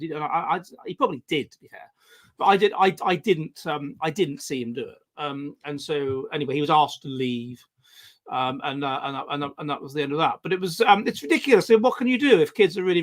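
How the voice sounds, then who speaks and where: A man in his forties telling stories in a casual chat, halting and rambling with many restarts. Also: a little high, fairly bright tone. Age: 40s. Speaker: guest. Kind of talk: casual conversation.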